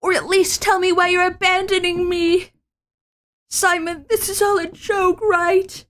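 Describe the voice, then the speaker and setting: A woman's voice: very high voice, little pitch movement, a little slow, fairly bright tone, pitched above the performer's own voice. A woman voicing a distraught young noblewoman who has been abandoned, speaking in a tearful, pleading way.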